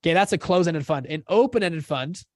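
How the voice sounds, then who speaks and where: A man's voice: a little high, expressive, brisk, no echo, clean studio sound. A man hosting a live teaching session, casual and upbeat, often checking that listeners follow along. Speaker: course host.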